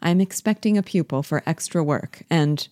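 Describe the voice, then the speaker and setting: A woman reading the part of a prim, complacent schoolmaster who speaks gently and formally. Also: deep voice, moderate pace, dry recording, close to an everyday voice. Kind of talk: play reading.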